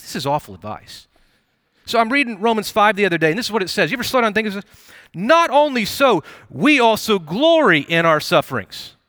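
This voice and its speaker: Animated young male pastor preaching. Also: fairly high pitch, no echo, studio quality. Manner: conversational, animated preaching with playful asides. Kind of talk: sermon. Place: church auditorium.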